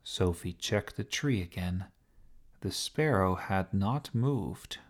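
A man calmly narrating a children's story with a gentle, unhurried reading. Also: low-pitched.

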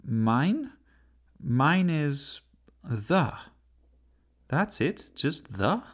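A man voicing an earnest, curious young boy in a children's storybook reading, his voice raised high. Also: sing-song, drawn-out words, husky, full character voice.

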